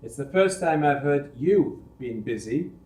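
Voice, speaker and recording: A man's voice: mid-range voice, animated, unhurried, darkish tone, close to an everyday voice. A man playing a sarcastic angry foreman. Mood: stern demanding. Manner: sarcastic, demanding. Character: stern angry male foundry foreman. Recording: roomy echo.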